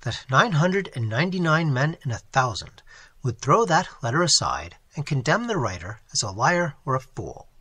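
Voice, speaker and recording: A man voicing an older professor, placid, teasing, husky, very lively pitch, dry close sound. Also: normal speed, dry recording, heavily acted. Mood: placid, amused. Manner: calm, dry, gently teasing. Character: older male zoo professor, placid, amused, nearsighted. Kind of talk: audiobook character reading.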